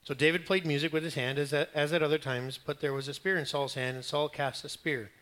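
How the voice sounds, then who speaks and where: A man's voice: on the high side, brisk. A man preaching a sermon, telling a Bible story in a conversational, humorous way and acting out the quoted lines. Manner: animated storytelling, acting out quotes, rising loud at climaxes.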